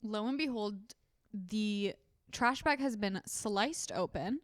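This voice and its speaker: A woman co-hosting a casual podcast, her voice smooth and clear. The sound is dry and close, with no room around it. She talks in a chatty, teasing way and often trails off mid-sentence. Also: mid-range voice, takes it slowly, dry recording. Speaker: podcast co-host. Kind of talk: casual chat.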